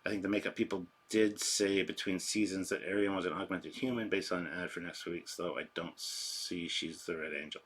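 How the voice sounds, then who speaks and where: Man, livestream host, deep voice, husky, rambling chat. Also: fairly even intonation, a little fast, hardly any pauses, fairly bright tone. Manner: rambling, chatty, self-deprecating. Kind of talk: casual reaction livestream, reading chat. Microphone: sensitive desk microphone.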